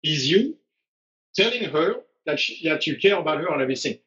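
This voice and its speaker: A strength coach talks bluntly and animatedly in casual live-stream conversation, acting out quotes as he goes. His voice is on the high side, a bit bright, and a little fast, and the stream audio sounds dull and lo-fi.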